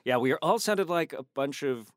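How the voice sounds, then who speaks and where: A man, an actor guest, telling lively behind-the-scenes stories in a casual interview, quoting people as he goes. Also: a little high, moderate pace, no echo, studio quality. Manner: animated storyteller, quotes others in changed voices.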